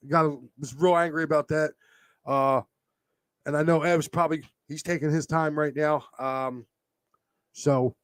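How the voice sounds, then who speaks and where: A man co-hosting a sports talk show in casual chat, teary and speaking haltingly with many fillers. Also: fairly high pitch, smooth, dry recording. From Philadelphia area. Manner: halting, full of fillers and pauses. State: teary, emotional.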